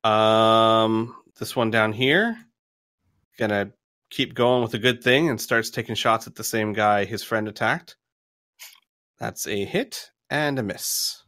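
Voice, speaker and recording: A man's voice: on the low side, takes it slowly, no room sound, clean studio sound. A man narrating combat as game master of a tabletop game, rambling and laughing as he counts out damage. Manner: rambling, laughs between lines, counts out loud.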